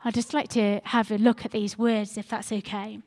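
A woman's voice: medium pitch, level tone, moderate pace, darkish tone. A woman pastor, preaching a sermon with earnest, repeated calls to her church. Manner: earnest, repetitive exhortation.

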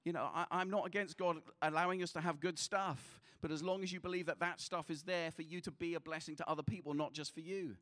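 Male pastor, sermon, earnest, repeats himself, slightly high voice. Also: steady tone, fast, hardly any pauses. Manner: earnest, repeats words, rises to passionate exhortation then quiet prayer.

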